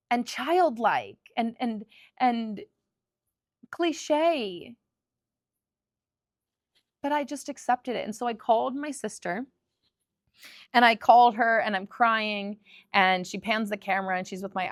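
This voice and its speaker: A young adult woman giving an intimate, heartfelt spiritual monologue, soft and earnest with emotional pauses. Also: medium pitch, creaky, no echo, studio quality. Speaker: spiritual channel host.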